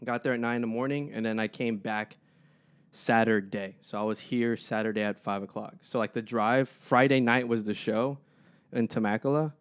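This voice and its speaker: A young man chats casually as a podcast co-host. He tells his stories with animation and voices the people in them, his pitch sitting in the middle range. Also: steady tone, normal speed, smooth. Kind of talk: casual storytelling chat.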